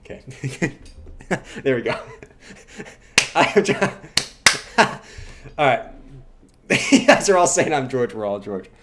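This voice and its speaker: A man hosting a casual livestream who banters playfully with his chat, then talks through chart analysis, with sudden loud chanting bursts. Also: mid-range voice, very animated, slow pace, long pauses, noisy background. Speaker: livestream host.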